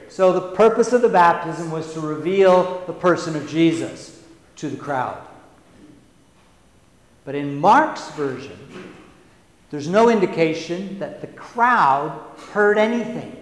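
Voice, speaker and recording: A male preacher giving a sermon in a church, speaking slowly and deliberately, with emphatic repetitions and conversational asides to the congregation. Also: a little high, animated. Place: church sanctuary. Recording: roomy church with long reverb.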